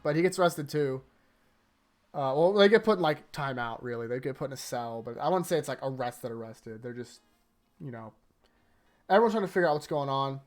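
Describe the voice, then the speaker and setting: A man's voice: mid-range voice, a little fast. A man hosting an anime rewatch, recapping episodes in a rambling, casual way full of fillers. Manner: rambling, filler-heavy, animated retelling.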